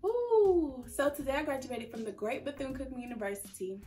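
A woman's voice: high-pitched, sing-song, brisk, warm tone, distant mic, soft background music. A young woman in her early twenties talking casually to camera in a vlog, emotional and fighting back tears. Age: early 20s. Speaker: vlogger.

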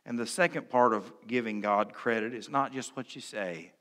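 A male pastor preaching from the pulpit with a bright, forceful tone. He swings from hushed to loud and drops humorous asides. His voice rings with the long reverb of a church sanctuary. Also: medium pitch, normal speed, hardly any pauses. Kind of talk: sermon.

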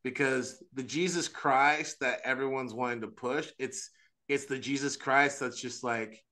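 Man, Orthodox priest, podcast host, earnest, animated, tense bright voice, restarts often. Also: mid-range voice, unhurried. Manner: frequent restarts and "like", "right?". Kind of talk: casual religious discussion.

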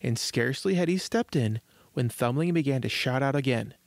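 A man hosting a children's story podcast, reading fairy tales aloud in a measured, gentle way. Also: medium pitch, animated, no echo. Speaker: storyteller host. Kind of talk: scripted storybook narration.

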